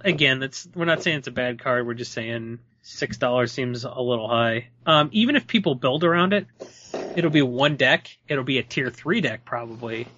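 A man's voice: mid-range voice, expressive, bright, forceful tone, dull audio, a little hiss or hum. A man co-hosting a podcast, chatting casually about card values with wry jokes. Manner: wry, joking, quick asides. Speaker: podcast co-host. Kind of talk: casual card-review chat.

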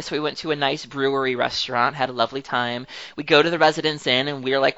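A woman podcast host chatting casually and retelling stories with lively voices. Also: very deep voice, brisk, no room sound, muffled recording. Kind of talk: casual chat.

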